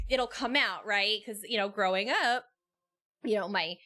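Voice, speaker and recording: A woman's voice: medium pitch, unhurried, pushed and bright. A woman from New York with a Brooklyn accent, chatting casually as a stream co-host and restarting her sentences often. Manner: chatty, repeats herself and restarts. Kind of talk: casual chat.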